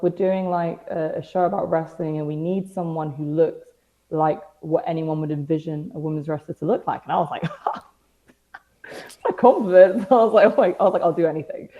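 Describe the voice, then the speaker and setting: A young British woman with a low, warm voice comes through in lo-fi sound. Guesting on a podcast in a casual interview chat, she spins stories with dry, self-mocking humor, acting out the quotes.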